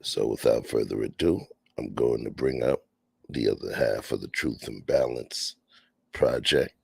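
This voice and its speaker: A man's voice: very deep voice, measured pace, vocal fry, darkish tone, husky, no room sound. A man hosting a casual late-night podcast, laid-back and slangy, talking from home. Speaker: podcast host. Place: home, near a patio door.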